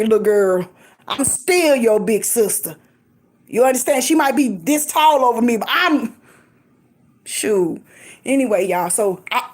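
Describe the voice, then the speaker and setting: A middle-aged woman vlogging, giving lively, emphatic encouragement in a casual preachy way, laughing often. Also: a little high. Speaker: faith vlogger.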